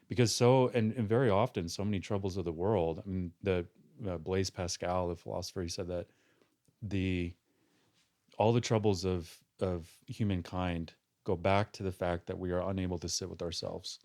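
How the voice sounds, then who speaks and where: A man with a low, deep voice talks thoughtfully as a podcast guest. He is a counselor who weighs his words, reaches for quotes, and gives advice at a measured pace. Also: fairly even intonation, darkish tone. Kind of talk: podcast discussion.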